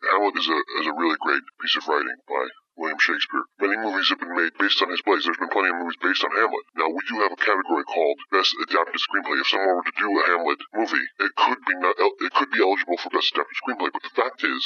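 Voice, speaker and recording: Deep-voiced man rushing, muffled sound. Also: sharp tone. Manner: nervous, rushed confessional. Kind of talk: comedic improv chat.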